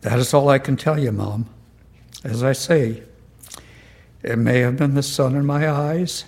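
Older man, slow earnest reading voice, mid pitch, measured. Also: a little mellow. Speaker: storyteller. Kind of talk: reading a letter aloud, then personal anecdote.

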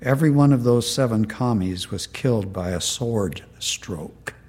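A man reading out the lines of a kindly, puzzled Marine sergeant who speaks gently and plainly. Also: fairly low pitch, lively intonation, a little slow. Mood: gentle, puzzled. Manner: gentle, plain-spoken, slightly folksy.

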